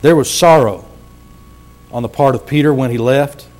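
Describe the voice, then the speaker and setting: Earnest male preacher, slow emphatic delivery. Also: mid-range voice, a little mellow. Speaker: pastor. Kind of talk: sermon.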